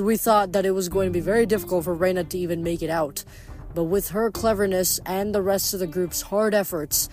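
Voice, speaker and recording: A person reading a novel aloud after a short recap, in a steady, plain delivery with the odd self-correction. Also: mid-range voice. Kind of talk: fan audiobook reading with recap.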